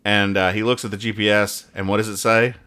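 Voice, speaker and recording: A man's voice: on the low side, level tone, a little fast, sharp tone, smooth. A man co-hosting a comedy podcast, rambling and over-explaining the jokes in comics. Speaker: podcast co-host. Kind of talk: casual comedic chat.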